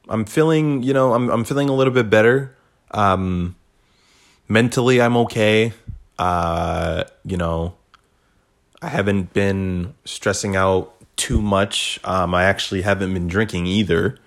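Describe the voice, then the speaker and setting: A man hosting a podcast, rambling in a casual, profane, laid-back monologue. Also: lowish voice. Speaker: podcast host.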